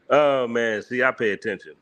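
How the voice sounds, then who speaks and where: A man's voice: mid-range voice, sharp tone. A male host talks through a clip in reaction commentary. His delivery is emphatic and mocking, punctuated by frequent laughter, in a mid-range voice.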